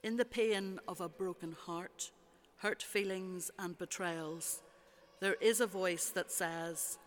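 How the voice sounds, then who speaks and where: A preacher giving a measured, rhetorical sermon with repeated phrases, recorded in a church. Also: mid-range voice, a bit bright. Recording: long church reverb.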